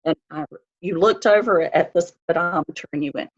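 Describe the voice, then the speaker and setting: A middle-aged mother, a guest on her daughter's podcast, speaking gently and earnestly about faith. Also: lowish voice, fairly quick, breathy edge, lo-fi sound. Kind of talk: casual interview.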